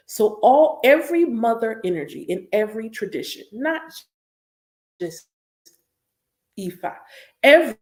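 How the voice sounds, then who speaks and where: An animated woman preaches in casual, emphatic talk during a live reaction stream, repeating her points for stress. Her voice sits at a middle pitch. The room around her is echoey. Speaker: spiritual teacher reacting live.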